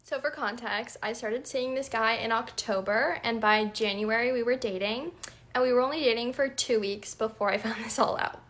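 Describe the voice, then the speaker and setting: Young woman, slightly high voice, chatty and amused storytime. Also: moderate pace, fairly bright tone. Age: young adult. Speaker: nursing student. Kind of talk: casual storytime.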